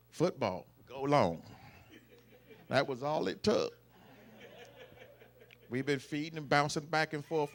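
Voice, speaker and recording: A middle-aged man giving an emotional, storytelling tribute to his father at a family celebration, with loud folksy bursts. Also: on the high side, vocal fry. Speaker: eldest son giving a birthday tribute. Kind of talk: heartfelt family speech. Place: live family celebration event.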